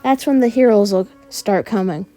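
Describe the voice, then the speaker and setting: A calm, tired male teacher who gives terse orders to his students, voiced by a woman telling a fan story. The sound stays mellow and unhurried. Faint music runs behind. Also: medium pitch, close to an everyday voice.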